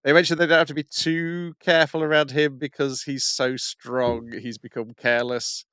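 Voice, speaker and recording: A man co-hosting a casual podcast, calmly recapping what happens in an episode. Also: medium pitch, normal speed, smooth, no room sound. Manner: calm recap of the plot. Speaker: podcast co-host. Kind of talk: casual chat.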